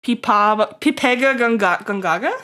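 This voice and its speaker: A woman's voice: fairly high pitch, moderate pace, bright, forceful tone. A young adult woman streaming, chatting casually to her viewers in a rambling way, swearing freely and laughing often. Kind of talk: casual live-stream chat.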